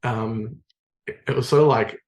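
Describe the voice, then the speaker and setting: A man's voice: medium pitch, moderate pace. Aussie guy rambling through a story on a podcast, lots of ums, laid back. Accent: Australian. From Sydney, Australia. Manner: relaxed, rambling, many fillers. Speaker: podcast guest, photographer. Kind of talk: casual storytelling in conversation.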